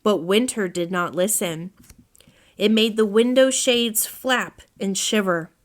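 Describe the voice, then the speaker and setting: A woman reading a children's storybook aloud as narrator, in a gentle read-aloud manner. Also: mid-range voice, slow pace.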